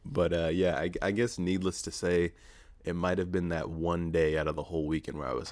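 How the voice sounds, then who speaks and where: A young man in his early twenties with an extremely deep, low voice talks alone into a podcast mic, swearing freely and mocking himself as he rambles. The sound is dry and close, with no room echo. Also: flat delivery, fairly quick, a little mellow. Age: early 20s. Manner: profane, rambling, self-mocking storytelling. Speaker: podcast host. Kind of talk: casual solo podcast monologue.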